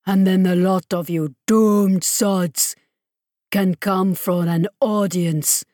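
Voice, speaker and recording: A woman's voice: mid-range voice, fairly even intonation, takes it slowly, mellow, no echo, clean studio sound, natural voice. A woman narrator voicing an armoured male enforcer who threatens with swearing and mock politeness. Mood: menacing.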